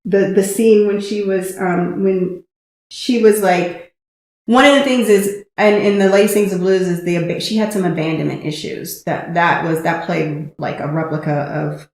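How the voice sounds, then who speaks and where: A woman co-hosting a casual movie review chat, talking in an animated way and acting out scenes. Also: on the low side, moderate pace. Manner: animated, acts out movie scenes in quoted voices. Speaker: podcast co-host. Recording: echoey room.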